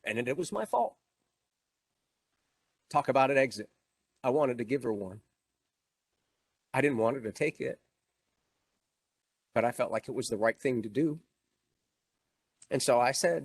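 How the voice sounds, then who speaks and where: A man's voice: mid-range voice, expressive, unhurried, pauses often, slightly rough, no echo. Emotional man telling a motivational story. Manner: storytelling, emphatic, grows emotional. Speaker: motivational speaker. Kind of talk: inspirational keynote talk.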